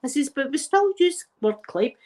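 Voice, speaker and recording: Here her voice is high-pitched, very animated, and darkish, moving at normal speed. She's the middle-aged Glasgow woman hosting her channel, rambling casually through stories with plenty of laughter.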